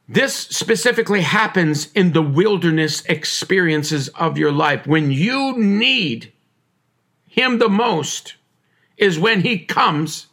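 A man's voice: a little high, vocal fry, fairly bright tone. A man preaching a sermon with fervent, repetitive cadence.

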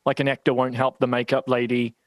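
A man hosting an interview, asking questions in a relaxed, conversational way. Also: medium pitch, a little fast, no room sound. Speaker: podcast host.

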